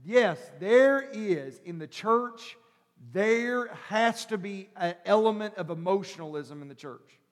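A male pastor preaching a sermon, shifting from quiet teaching to loud shouted preaching and calling the listeners brother and sister. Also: high-pitched, expressive, measured pace. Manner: calls the congregation brother and sister. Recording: long hall reverb.

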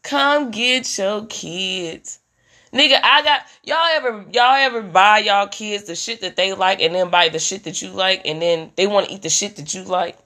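A young woman doing a profane comedic rant about motherhood, animated and full of mimicry. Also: mid-range voice, brisk, hardly any pauses.

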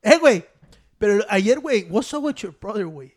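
A man with a mix, telling profane, animated stories in a casual chat among friends. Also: high-pitched, quick pace. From Mexican family, living in Chicago. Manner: profane, animated storytelling with code-switching.

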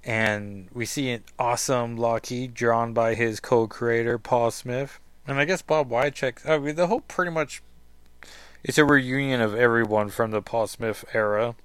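A man's voice: medium pitch, normal speed, a bit bright, clean tone, no echo. A man hosting a podcast, chatting casually and second-guessing himself while commenting on a comic book. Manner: chatty, self-questioning, with fillers. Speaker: podcast host.

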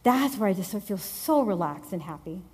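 A woman preaching a sermon in a lively, conversational way, repeating phrases for emphasis. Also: medium pitch, normal speed, breathy edge.

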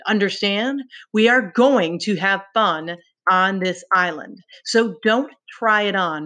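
A woman voicing a taunting, sinister male pig's-head beast in a dramatic read-aloud, slow and deliberate. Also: mid-range voice, fairly bright tone. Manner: mocking, menacing, slow and deliberate.

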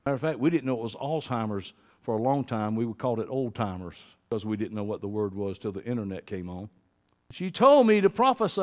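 Animated male preacher in echoing hall. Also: fairly high pitch. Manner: rambling, swings between quiet musing and emphatic preaching. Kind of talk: sermon. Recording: long hall reverb.

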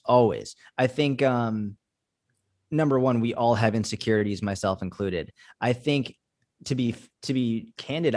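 A man's voice: medium pitch, dry recording, studio quality. A young man guest talking casually in an interview, telling personal stories with lots of filler words. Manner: casual storytelling, filler-heavy with frequent "like". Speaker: podcast guest, fitness coach.

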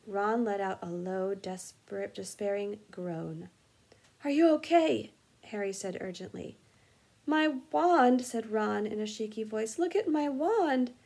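A husky, breathy-voiced woman reading a children's chapter book aloud with lively expression. Her pitch sits mid-range, and she now and then stumbles and corrects a word. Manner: animated, expressive reading with small slips. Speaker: music teacher reading aloud. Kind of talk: storybook read-aloud.

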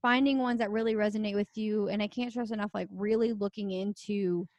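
A woman's voice: medium pitch, fairly even intonation, fairly quick, darkish tone, dry recording. A young woman co-hosting a podcast, talking in a casual, earnest way with lots of fillers. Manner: earnest, chatty, many fillers. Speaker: podcast co-host. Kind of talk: casual chat.

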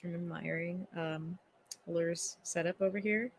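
A woman's voice: lowish voice, fairly even intonation, measured pace, a little hiss or hum. Playful woman co-host chatting. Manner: playful, teasing. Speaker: podcast co-host. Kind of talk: casual chat.

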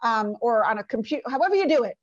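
A woman's voice: a little high, lively intonation, very fast, dry recording, muffled recording. A woman teaching a class from a workbook, earnest and conversational, with lots of rhetorical questions. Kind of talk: lecture from a workbook.

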